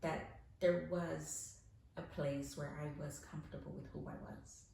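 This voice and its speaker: A woman's voice: sits low, unhurried, gravelly, a little hiss or hum. Frank, echoey woman around forty. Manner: frank, swears freely, swings from soft reflection to animated laughing. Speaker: podcast guest. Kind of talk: candid conversational storytelling. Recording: very echoey room.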